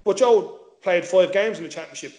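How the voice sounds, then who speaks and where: A man tells a football story at a rapid clip, swearing freely and playing out each exchange in quotes. His voice sits a little high, and the room around him is echoey. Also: darkish tone. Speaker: former footballer guest. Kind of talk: casual anecdote-telling.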